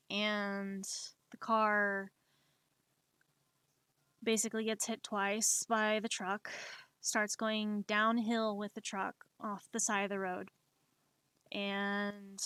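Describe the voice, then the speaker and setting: A woman's voice: mid-range voice, fairly bright tone, clean tone, no echo. A young woman streamer telling a personal story in a casual, anxious way, often stammering and repeating herself. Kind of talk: storytelling during a live art stream.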